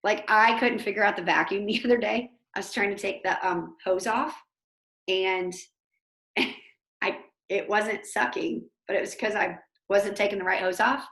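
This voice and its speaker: A woman teacher giving an informal motivational talk over a video call, chatty and animated, with lots of fillers. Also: medium pitch, moderate pace, reverberant. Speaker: host of an online motivation talk.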